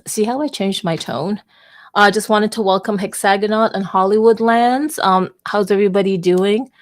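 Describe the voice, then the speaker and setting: A woman's voice: mid-range voice, steady tone, normal speed. A woman hosting a weekly online community talk, chatting casually and thinking aloud with a self-mocking, rambling manner. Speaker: community space host. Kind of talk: casual livestream chat.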